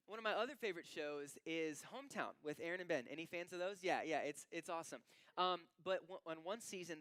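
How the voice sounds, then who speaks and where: A man preaches to his congregation in a lively, conversational way, dropping into casual asides. His voice sits a little high and sounds smooth and resonant. The recording is dry and close, with little room sound. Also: no echo. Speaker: pastor. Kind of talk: sermon. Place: church sanctuary.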